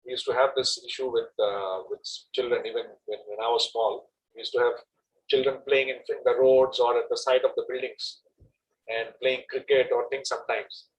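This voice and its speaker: Man, devotional storyteller, mid pitch, chatty and anecdotal, outdoors. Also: level tone, moderate pace, a little hiss or hum, poor audio. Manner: conversational, anecdotal, digressive. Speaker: devotional speaker.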